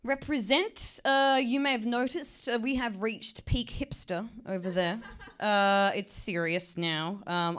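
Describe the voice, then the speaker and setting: Young comedienne, chatty, self-mocking, live stand-up on stage. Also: female voice, lowish voice. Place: live comedy venue with an audience.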